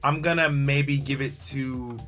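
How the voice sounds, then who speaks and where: A man co-hosting a casual TV review chat, talking in an animated, sassy and brash way. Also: mid-range voice, a little slow, soft background music. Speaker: co-host of a TV review show.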